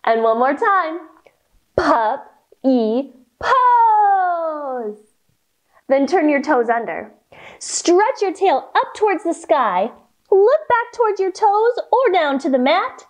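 A woman's voice: very high voice, sing-song, measured pace. A young woman leading a guided yoga storytime for children, cheerful and encouraging as she talks young kids through each pose. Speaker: kids' yoga teacher.

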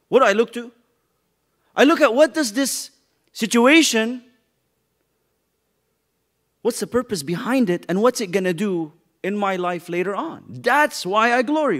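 Guy leading youth bible study, high voice that swings all over, jokey and animated. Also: measured pace, pauses often. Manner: animated and joking, acts out reactions.

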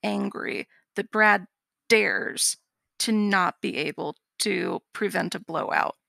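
Dry sarcastic woman with a gravelly voice. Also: mid-range voice, takes it slowly, bright, forceful tone, dry recording. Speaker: podcast co-host. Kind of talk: casual chat.

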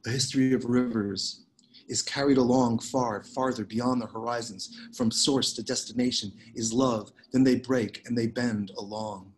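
A man reading his own poems aloud on a video call, measured and unhurried with pauses between lines. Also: mid-range voice, steady tone, poor audio. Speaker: poet reading his work. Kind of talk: poetry reading.

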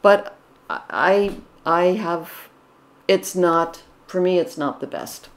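A woman's voice: on the low side, slow pace. A middle-aged woman giving casual, enthusiastic commentary on paintings, with frequent restarts and gushing praise. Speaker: art commentary vlogger.

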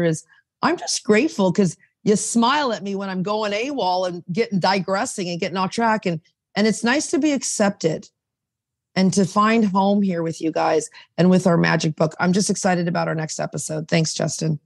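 A woman co-hosting a recovery podcast, her voice landing at a middle pitch. She talks in a fired-up, rambling way, reading passages and preaching about them. The recording is dry and close. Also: fairly quick, no room sound. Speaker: podcast host and sponsor. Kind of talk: casual recovery podcast chat.

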